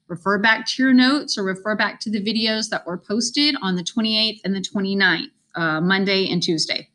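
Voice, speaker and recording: A woman's voice: medium pitch, bright, forceful tone. A woman teacher explaining a Spanish class assignment step by step in a chatty, casual screen-recorded walkthrough. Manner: chatty, repeats directions step by step.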